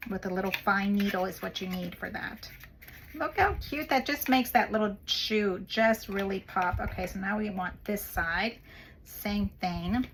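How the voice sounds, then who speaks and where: A woman's voice: medium pitch, fairly bright tone, slight background noise. A woman hosting a paper craft video, chatting casually as she works and gushing over the little details.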